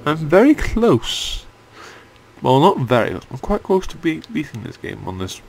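A man's voice: on the high side, huge pitch swings, unhurried, gravelly, a little mellow. A young man giving casual let's-play commentary, grumbling and swearing when the game annoys him. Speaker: gaming channel host.

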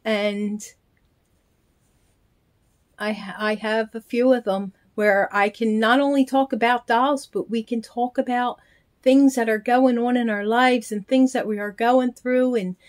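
A middle-aged woman with a slightly high voice chats slowly in a heartfelt vlog. She gushes thanks to a friend as she opens her mail. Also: fairly even intonation. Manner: slow, heartfelt, gushing with thanks. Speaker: reborn doll vlogger. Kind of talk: casual chat, unboxing.

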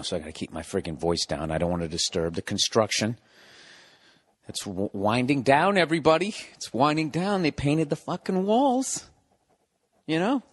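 He's a podcast host in his forties with a Boston accent, ranting sarcastically and cursing through a rambling, animated comic monologue recorded indoors at home. His voice runs on the high side and sounds like it's in a large hall.

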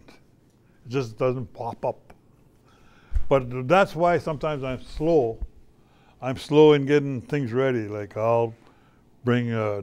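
A man's voice: mid-range voice, darkish tone. An older man, an artist talking casually to schoolchildren in a folksy, storytelling way, often repeating his phrases. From Canada. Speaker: visiting artist.

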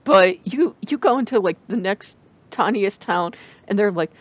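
A woman with a rural American country accent talks through a casual spiritual vlog, rambling and animated, with frequent laughs. Her voice sits in a middle range and comes through a dull, lo-fi recording. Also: medium pitch, moderate pace, breathy edge, no room sound. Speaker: channel host.

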